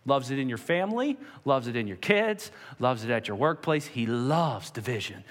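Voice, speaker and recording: A male pastor delivering a sermon and prayer, swinging between loud urging and quiet emphasis. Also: medium pitch, very animated, normal speed, hardly any pauses, in a large hall.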